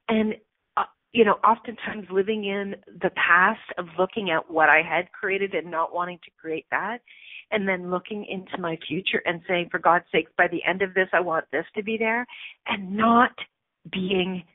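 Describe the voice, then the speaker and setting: A middle-aged woman speaks in a candid, chatty way with plenty of fillers, her voice a little teary. Her voice sits at a middle pitch. The sound comes through a tinny telephone line. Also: dry recording. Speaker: radio show host and coach. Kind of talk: personal storytelling talk show.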